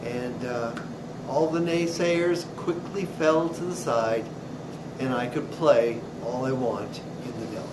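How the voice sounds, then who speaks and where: Slow, animated deli owner telling stories. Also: male voice, medium pitch, far from the mic. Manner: animated storyteller acting out customers. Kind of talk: storytelling. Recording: roomy echo with clear noise.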